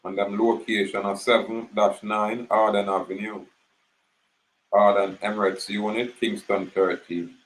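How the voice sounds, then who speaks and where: A man's voice: on the low side, measured pace, a little hiss or hum, poor audio. A man from Jamaica with a Jamaican Patois accent, talking in a loose, rambling monologue and telling stories. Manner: rambling, animated storytelling in Patois. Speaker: channel host. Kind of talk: casual monologue.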